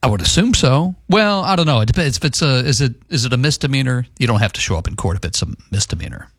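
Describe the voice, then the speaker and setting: A man's voice: medium pitch, lively intonation, quick pace, fairly bright tone. An easygoing man co-hosts a casual radio chat. He mostly agrees and adds dry quips. The sound is dry and close, with no room echo. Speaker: radio co-host.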